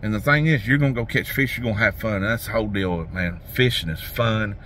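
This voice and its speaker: A man's voice: on the low side, fast talker, a bit bright, slight background noise. A man, rambling folksy talk about fishing as a vlogger, outdoors by a lake. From Tennessee. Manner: folksy, rambling, restarts a lot. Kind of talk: casual rambling talk to camera.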